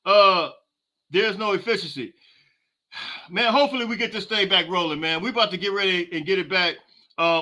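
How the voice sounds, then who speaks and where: A man's voice: high voice, pushed and bright. A man hosting a podcast, giving a live halftime reaction and answering viewer comments in an exasperated, fired-up rant full of casual slang. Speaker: podcast host.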